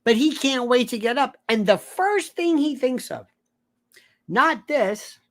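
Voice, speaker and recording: A man giving an animated commentary monologue. He rambles, corrects himself and acts out the voices of the people he describes. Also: very high voice, slow pace. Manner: digressive, theatrical, mimics voices, self-correcting.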